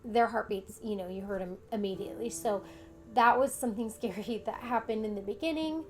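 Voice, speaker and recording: Soft background music plays as a young adult woman vlogger, medium-pitched with a darkish tone, speaks briskly. In candid, casual conversation she recounts a personal story, voicing other people's lines as quoted dialogue.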